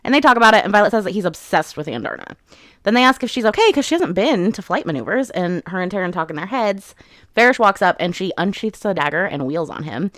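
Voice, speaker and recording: A woman's voice: mid-range voice, expressive, fast, a bit bright, no room sound, studio quality. A woman hosting a book channel, casually recapping chapters and retelling scenes in quoted voices.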